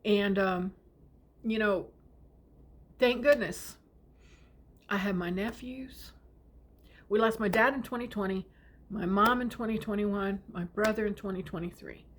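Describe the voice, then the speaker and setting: A middle-aged woman shares a family memory in a gentle, heartfelt way. Her voice often softens to a near whisper, and her pitch sits in an ordinary middle range. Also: a little slow, pauses often. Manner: tender, often drops to a whisper. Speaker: storyteller. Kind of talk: personal storytelling.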